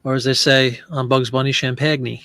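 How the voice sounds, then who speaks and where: A man's voice: mid-range voice, normal speed, gravelly, a bit bright. A man casually talking through an online listing session, joking and fumbling over French pronunciation. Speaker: online reseller listing print ads.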